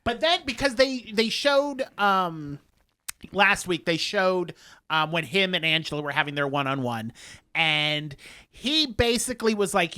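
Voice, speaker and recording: Bright-voiced podcast dude, swings his pitch all over, swears a lot, makes fun of the show. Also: expressive, measured pace, clean tone, dry recording. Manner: wry, swears casually, mimics people in silly voices. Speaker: podcast co-host. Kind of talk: casual chat recapping a TV show.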